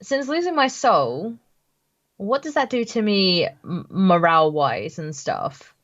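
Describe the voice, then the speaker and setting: A woman playing in a tabletop game, talking in a hesitant, relaxed way with many fillers. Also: medium pitch, slow pace, lo-fi sound. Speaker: player. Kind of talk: casual tabletop game play.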